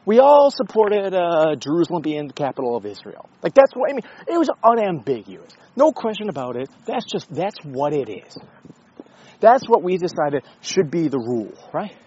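A man's voice: fairly high pitch, a little mellow, lo-fi sound, a little hiss or hum. A man talking casually in a rambling, sarcastic way, with frequent swearing and self-interruptions. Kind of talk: casual opinion monologue.

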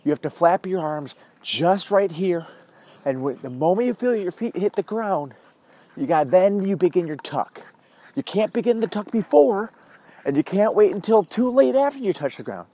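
A man's voice: high voice, animated, moderate pace, warm tone, pitched above the performer's own voice. A man playing a smug, stubborn man who insists on his method, in a lecturing voice. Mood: insistent.

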